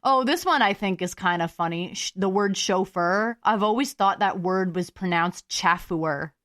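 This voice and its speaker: A woman's voice: medium pitch, moderate pace, a bit bright, dry recording, studio quality. A young woman hosting a solo podcast, musing aloud in a chatty, giggly way. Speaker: podcast host.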